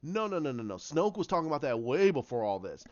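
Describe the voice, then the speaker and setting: Rambling male fan, slightly higher voice, lots of restarts, lo-fi dull sound. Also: sing-song, quick pace. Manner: rambling, with many restarts and acted-out quotes. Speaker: fan commentator. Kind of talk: casual storytelling monologue.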